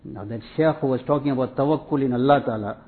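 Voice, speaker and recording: A man preaches a sermon with a steady, repetitive teaching cadence, his voice at an ordinary middle pitch. The sound is thin and tinny, like it came over a phone line. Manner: measured, repetitive teaching cadence with Arabic and Urdu religious terms. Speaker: Islamic preacher.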